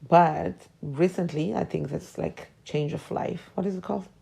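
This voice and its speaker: Woman in her forties, podcast host, low husky voice, gravelly, hesitant reflective monologue, slips into whispers. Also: normal speed, warm tone. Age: 40s. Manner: hesitant, drops into whispers when emotional.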